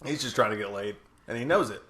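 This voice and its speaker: A man's voice: fairly low pitch, fast talker, pushed and bright, roomy sound. A man in a casual movie commentary, crude and teasing.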